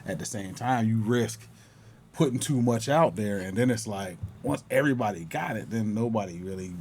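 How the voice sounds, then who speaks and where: Low-voiced man in rambling casual chat. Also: a little mellow, slight background noise. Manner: rambling, halting, swears casually. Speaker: podcast co-host.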